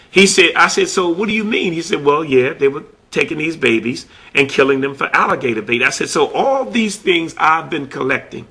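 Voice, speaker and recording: A man's voice: on the high side, bright, forceful tone, husky. A man telling a story about a conversation he had while collecting artifacts, repeating "he said" as he retells it. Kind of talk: spoken storytelling.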